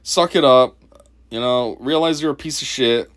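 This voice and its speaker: A man's voice: medium pitch, moderate pace, fairly bright tone. A man hosting a casual video commentary, mocking and profane, laughing often. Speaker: commentary channel host.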